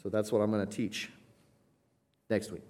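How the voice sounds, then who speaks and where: A man's voice: lowish voice, little pitch movement, a little mellow. Earnest man teaching Scripture. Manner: earnest, emphatic, often asks "right?"; explains Greek wording slowly. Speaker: Bible teacher. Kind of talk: expository Bible teaching.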